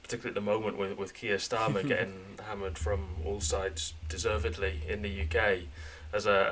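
A man from the United Kingdom co-hosting a podcast, talking things through in a thoughtful, halting way. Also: on the low side, fairly bright tone. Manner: thoughtful, halting, many restarts. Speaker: podcast co-host. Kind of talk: casual podcast chat.

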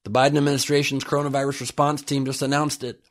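A man's voice: mid-range voice, level tone, fast talker. A man hosting a podcast, delivering a comedic news monologue in a sarcastic, jokey manner. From United States. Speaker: podcast host.

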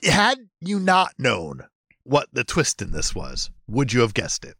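A man's voice: medium pitch, wildly swooping pitch, unhurried, gravelly, sharp tone, slightly rough, dry recording, studio quality. A man co-hosting a podcast, chatting casually about a film, musing and trailing off mid-thought. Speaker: podcast co-host.

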